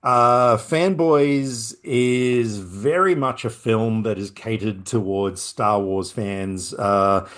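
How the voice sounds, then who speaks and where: A man's voice: lowish voice, takes it slowly, hardly any pauses, a bit bright. A man hosting a film podcast, chatting casually and rambling with lots of asides. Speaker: podcast host.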